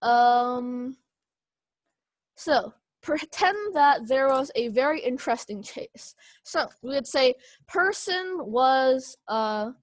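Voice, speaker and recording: A woman instructing a speech class over a video call, explaining slowly with many fillers and restarts. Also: high-pitched, dry recording.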